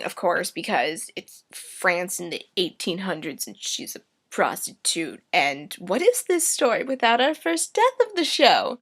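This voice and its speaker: A woman's voice: mid-range voice, fairly bright tone. A young woman casually retelling a story as a comic summary, full of sarcastic, rambling asides.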